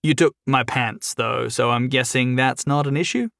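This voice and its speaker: A wisecracking young captive, played by a male narrator, quick, sarcastic and lively. The voice sits at a middle pitch and sounds dry and close. It is a storybook reading. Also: gravelly, dry recording. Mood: wry. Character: chained young man, wisecracking and nervously flippant.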